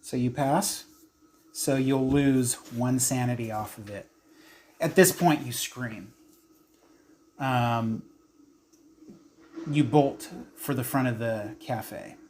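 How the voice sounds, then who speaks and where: A man narrating a tabletop horror game as game master, describing scenes in an unhurried way with frequent fillers. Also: mid-range voice, darkish tone, slight background noise.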